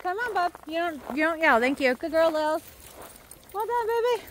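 A woman's voice: a little fast, a bit bright, a little hiss or hum. A woman walking a large pack of dogs outdoors, chatting casually to the camera and calling out to the dogs in a sing-song voice. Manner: switches to high sing-song praise when calling the dogs. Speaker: dog walker. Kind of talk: casual vlog narration while walking dogs. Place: outdoors on a trail near a river.

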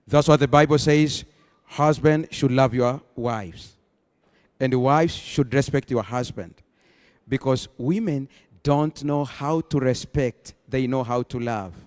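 A man preaching a sermon as pastor, rising into emphatic bursts and slowing to stress key phrases. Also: medium pitch, a little mellow. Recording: long hall reverb.

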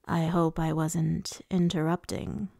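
A woman's voice: deep voice, level tone, slow, creaky, darkish tone, no echo, studio quality, voice pushed down, exaggerated voice. A woman reading the lines of a suave, menacing male fae lord, with a purring, taunting delivery.

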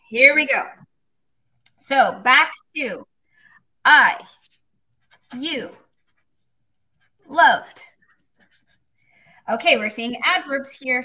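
A woman teaching a live-streamed language lesson with a bright, clear tone. She takes her time, explaining each point slowly and step by step. Her voice sits a little high and she chats casually with viewers. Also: rough recording. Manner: chatty, explains step by step, reads chat comments.

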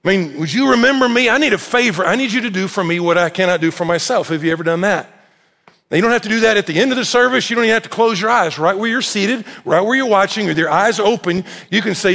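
A man preaches in a fairly high voice, swinging into lively acted-out voices as he tells the story. His words ring out through a church sanctuary with a long hall echo. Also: a little fast, creaky. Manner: animated storytelling, acts out quoted voices. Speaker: pastor. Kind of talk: sermon.

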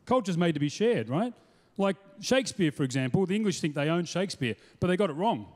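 A man's voice: sits high, expressive, fast talker, a little mellow. A man doing a punchy, playful stand-up routine on stage before a live audience. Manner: punchy, playful, slips into mock voices and accents. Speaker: stand-up comedian. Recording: noisy hall with long reverb.

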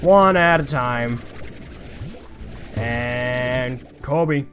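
A man's voice: medium pitch, extremely slow, fairly bright tone, soft background music. A young man giving playful, chatty let's-play commentary, talking to the creatures in his game. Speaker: gaming YouTuber.

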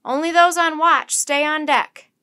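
A woman voicing a stern male ship captain who shouts orders. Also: high-pitched, steady tone, measured pace, voice pushed up. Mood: commanding.

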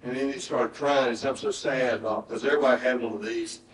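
A middle-aged man, preaching a sermon and telling a personal story in an earnest voice that often drops to a hushed, emotional tone. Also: mid-range voice, fairly even intonation, quick pace, faint music behind. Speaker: pastor. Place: church sanctuary. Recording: roomy church sound from a distant mic.

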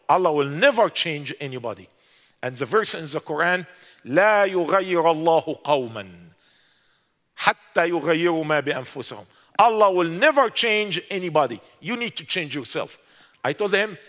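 A man's voice: a little high, fairly bright tone, long reverb tail. A man from Egypt, telling his personal testimony with emphatic, English. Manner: emphatic storytelling with non-native English. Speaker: guest telling his conversion story.

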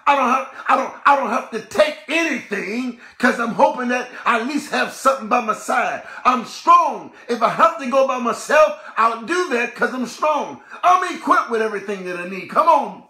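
A man preaching a sermon in a rhythmic call-and-response style, breaking into shouts. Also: very high voice, expressive, moderate pace, hardly any pauses, reverberant.

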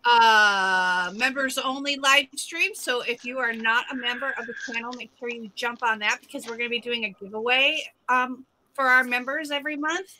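High bright woman hosting a livestream. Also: moderate pace, slight background noise, rough recording. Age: 40s. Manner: rambling, many fillers and restarts. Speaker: livestream host. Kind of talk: casual livestream chat.

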